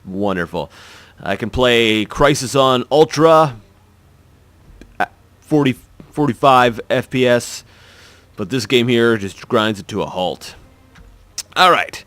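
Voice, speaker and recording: Wry chatty man, game commentary, lively pitch, bright tone. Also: slow pace, pauses often, no room sound. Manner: chatty, wry, rambling with restarts. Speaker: gaming video host.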